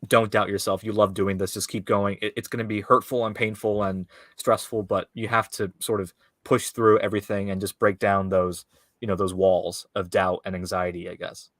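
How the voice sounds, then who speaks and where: A man's voice: lowish voice, flat delivery, normal speed, dry recording, clean studio sound. A man, a filmmaker guest, chatting casually in an interview with lots of fillers, restarts and laughs. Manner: rambling, many fillers and restarts, laughs often.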